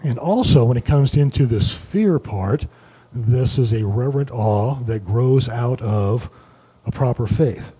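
A man giving a relaxed Bible study lecture, explaining word meanings and thinking aloud with many fillers. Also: medium pitch, unhurried, slightly rough. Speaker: Bible teacher.

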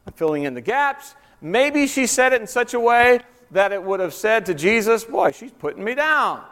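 A man preaching a sermon, animated and conversational, acting out quoted speakers with sudden jumps in his voice. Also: normal speed, smooth, big-room sound. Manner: animated, acts out quotes with rising pitch. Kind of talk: sermon on soul-winning.

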